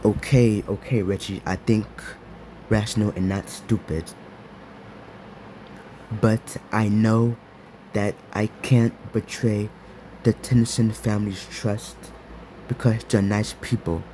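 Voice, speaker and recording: A man's voice: on the low side, fairly even intonation, slow pace, pauses often, mellow, a little hiss or hum. A man voicing an upset superhero mentor. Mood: resolved. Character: angry troubled young male superhero mentor.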